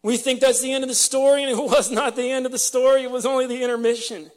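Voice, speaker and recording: Man, preacher, high voice, impassioned sermon, emotional, repeats words. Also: level tone, fast. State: choked up with emotion. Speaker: pastor.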